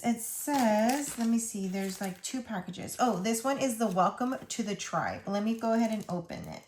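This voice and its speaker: A woman hosting a casual budgeting vlog, chatty and gushing as she opens mail and reads notes aloud. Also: on the high side. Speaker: budgeting channel host. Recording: echoey room, faint noise.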